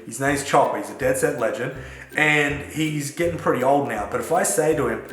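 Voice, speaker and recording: A man's voice: a little high, brisk. A man giving casual, chatty advice to camera as a self-development coach, mixing in everyday slang. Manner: chatty and relaxed, with Australian slang. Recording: echoey room with faint music.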